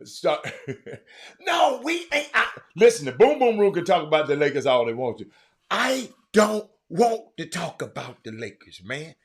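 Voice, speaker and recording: Animated man chatting on a livestream. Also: fairly high pitch, unhurried. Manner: animated, shouts out viewers by name, drifts off-mic. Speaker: livestream host. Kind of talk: casual livestream chat, reading viewer comments.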